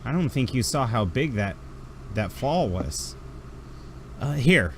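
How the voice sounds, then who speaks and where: A man running a tabletop role-playing game as game master, narrating scenes and reacting to players with animated energy. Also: takes it slowly, slight background noise. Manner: animated, laughing, jumps into high character shouts.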